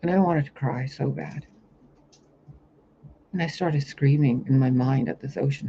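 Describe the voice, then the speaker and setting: A spiritual reader talks to his camera mic about a vision, his mid-range voice mellow and creaky, measured, with long pauses. The monologue is rambling, intense, and full of swearing, recorded with dull lo-fi sound and faint hiss.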